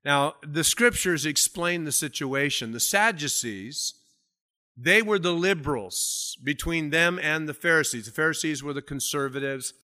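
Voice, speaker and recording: A man's voice: a little high, animated, a little slow, pushed and bright. A man preaching an expository sermon as pastor, explaining a Bible passage in a conversational way and lifting his voice when he reads scripture aloud. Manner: conversational Bible teaching with rising emphasis on scripture readings.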